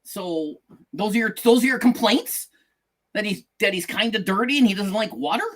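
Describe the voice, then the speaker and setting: A man's voice: sits high, lively intonation, normal speed. A middle-aged man co-hosting a podcast in casual chat, joking and repeating himself. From outside the United States. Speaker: podcast co-host.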